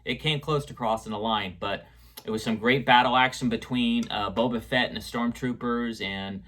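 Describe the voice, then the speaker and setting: A man's voice: mid-range voice, fairly even intonation, normal speed, fairly bright tone. A man reviewing an episode in casual chat, rambling with fillers and restarts as he retells scenes. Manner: retells scenes and echoes quotes. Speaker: show reviewer.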